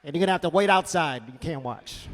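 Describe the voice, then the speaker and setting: A man doing a stand-up comedy set on a club stage, punchy and loud, with asides to the crowd. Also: a little high, quick pace, slight background noise. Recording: reverberant comedy club hall.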